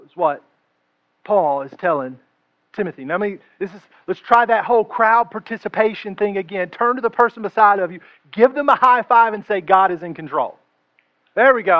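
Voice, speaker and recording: High-voiced guy preaching, chatty and funny, dull dry recording. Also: dry recording. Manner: conversational and joking, slowing down to stress key phrases. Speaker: pastor. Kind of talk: sermon.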